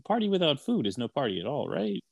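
A man co-hosting a radio show, trading deadpan jokes in casual banter. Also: mid-range voice, fast talker, husky, no room sound. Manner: dry, deadpan humor. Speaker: radio co-host.

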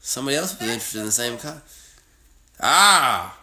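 A man's voice: mid-range voice, very animated, normal speed, sharp tone. A man co-hosting a podcast in casual, profane, joking chat. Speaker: podcast co-host. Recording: roomy echo.

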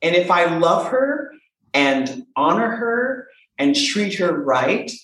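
A woman voice coach with a fairly low voice speaks slowly in a casual interview, animated and playful, hammering her points through repetition. The room is very echoey, with slight background noise.

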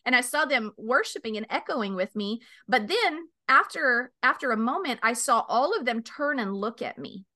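A woman's voice: moderate pace, hardly any pauses. A woman in her forties hosting a podcast, telling a story animatedly and acting out the voices. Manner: animated storyteller, acts out voices with big pitch jumps. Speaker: podcast host. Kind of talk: casual chat, storytelling.

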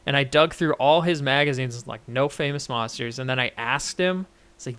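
A man's voice: medium pitch, normal speed, a bit bright, clear, resonant tone. A man co-hosting a podcast, chatting casually and rambling through stories with lots of restarts. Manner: rambling, many restarts and fillers. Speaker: podcast co-host. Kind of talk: casual chat.

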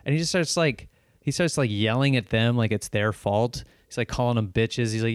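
A male stand-up comedian tells a long story in casual conversation, animated and profane, frequently restarting and acting out what others said. His voice is mid-range and smooth at a moderate pace, captured in a dry, studio-quality recording.

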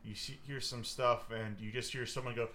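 A man acting as game master narrates a tabletop game, rambling and leaning heavily on fillers, with bursts of silly voices. His medium-pitched voice is pushed and bright with fairly even intonation at normal speed, and there's a little hiss or hum.

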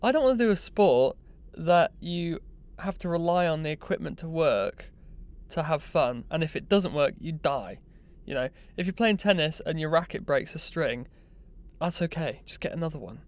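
A young man telling a personal story in a casual, animated, self-mocking way. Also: a little high, moderate pace. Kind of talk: casual anecdote monologue.

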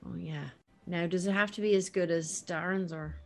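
A woman's voice: on the low side, fairly even intonation, normal speed. A woman playing a tabletop game, speaking hesitantly with many fillers. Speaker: player. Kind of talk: casual tabletop game play.

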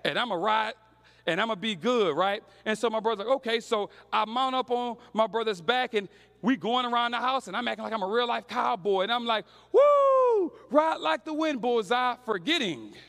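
Young male preacher, high voice, slangy storytelling sermon. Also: a bit bright, in a large hall.

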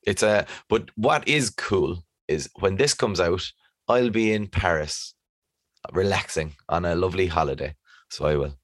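Chill guy co-hosting a podcast, really deep voice, easygoing. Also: expressive, a little slow, no room sound, clean studio sound. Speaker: podcast co-host. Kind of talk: casual chat.

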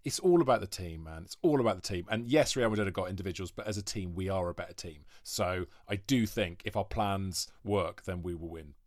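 A man in his forties from Wales, a podcast guest telling long rambling stories with quick asides in casual chat. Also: low voice, a little mellow, no room sound, studio quality. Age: 40s.

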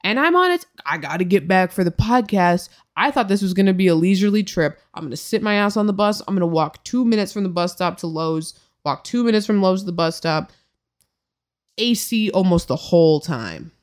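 A young woman co-hosting a podcast, telling a story in a casual, animated and profane way. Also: on the low side, a little fast. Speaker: podcast co-host.

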